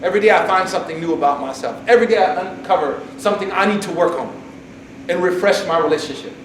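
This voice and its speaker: A man giving a casual, humorous religious talk to a campus group, animated and jokey, acting out quotes. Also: high voice, quick pace. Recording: echoey hall from far off, noisy.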